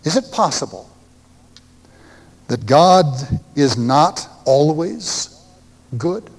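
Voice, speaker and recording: Preacher, male, high voice, deliberate slow delivery, long hall reverb. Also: big pitch swings. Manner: emphatic, rhetorical questioning. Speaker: pastor. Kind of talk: sermon.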